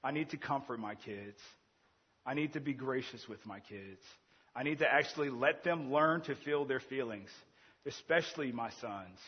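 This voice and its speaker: A man in his thirties preaching a sermon, earnest, swinging between loud emphasis and quiet, intimate asides. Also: medium pitch, normal speed, slightly rough, in a large hall, dull audio. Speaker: pastor.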